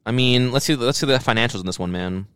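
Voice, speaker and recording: A quick-talking man with a smooth, clear voice riffs sarcastically in casual banter. His voice sits at an ordinary pitch, recorded close and dry with no room sound. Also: a bit bright, no room sound. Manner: sarcastic, riffing and joking. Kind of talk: casual chat.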